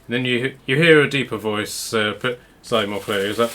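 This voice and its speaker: Bright-voiced man running a tabletop game. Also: medium pitch, moderate pace, a little hiss or hum. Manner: rambling, many restarts and fillers. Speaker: game master.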